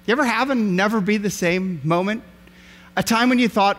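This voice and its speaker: A man's voice: high-pitched, moderate pace, fairly bright tone. A middle-aged man preaching an Easter sermon as pastor, telling a story animatedly and acting out the voices. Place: church sanctuary. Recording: hall reverb in a church.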